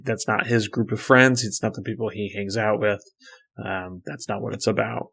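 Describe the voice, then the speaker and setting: A man's voice: lowish voice, steady tone, normal speed, creaky, fairly bright tone, slightly rough. A man co-hosting a podcast, casually retelling a book chapter in a loose way, full of fillers and restarts. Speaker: podcast co-host.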